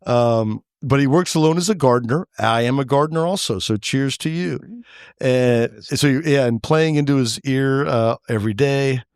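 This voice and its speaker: A man hosting a motorcycle podcast, reading out listener mail in a mid-pitched voice. He breaks off the letters with quick jokes. His voice is close and dry, with no room sound. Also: clear, resonant tone, no room sound. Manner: jokey, reads letters aloud with asides. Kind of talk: casual podcast chat.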